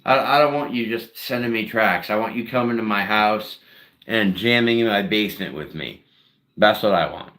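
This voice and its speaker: A man's voice: fairly low pitch, normal speed, a bit bright. A man chatting casually on a solo live stream, rambling and heavy on fillers. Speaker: streamer and singer-songwriter.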